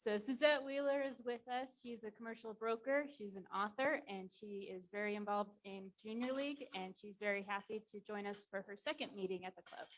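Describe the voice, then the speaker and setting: A woman's voice: mid-range voice, a little fast, few pauses. A woman introducing a guest at a club meeting in a friendly way.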